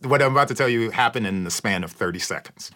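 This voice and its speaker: A man with a bright, forceful voice tells stories as an interview guest. His pitch swings widely as he acts out the people in his anecdotes. He sounds expressive and animated. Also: fast talker. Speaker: podcast host and freelance reporter, guest. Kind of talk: animated storytelling in conversation.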